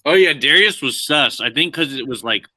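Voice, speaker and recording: A man's voice: mid-range voice, expressive, moderate pace, sharp tone, low-quality recording. A man chatting casually on a gaming talk show, jokey and talking between bites. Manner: chatty, jokey, talks while eating. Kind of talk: casual chat.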